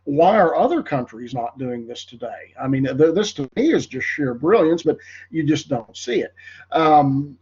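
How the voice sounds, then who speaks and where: A man's voice: a little high, animated, normal speed, darkish tone, breathy edge, highs cut off. A man with a congested, nasal voice teaching a history class in a rambling lecture, full of fillers. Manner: rambling, filler-heavy, addresses class as folks. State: congested, voice cracking.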